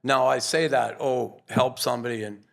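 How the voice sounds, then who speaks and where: Older man, gravelly, earnest storyteller, casual interview chat. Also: mid-range voice, fairly even intonation, normal speed. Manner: rambling, earnest, with restarts. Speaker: guest, former pro hockey player.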